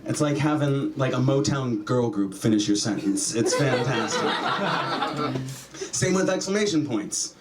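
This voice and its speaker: A man performing a stand-up comedy set, sardonic and profane, often jumping into high yelps and mock voices. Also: expressive, measured pace, background noise. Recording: distant mic with noticeable room ambience.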